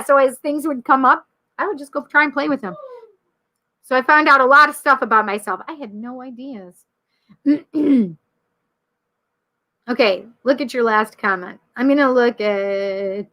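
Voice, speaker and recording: A woman in her thirties from the Rochester area, hosting a casual livestream as a psychic medium, chatty and quick to laugh, acting out the people she quotes. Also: fairly high pitch, sharp tone. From Rochester area, New York. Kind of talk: casual livestream chat, reading viewer comments.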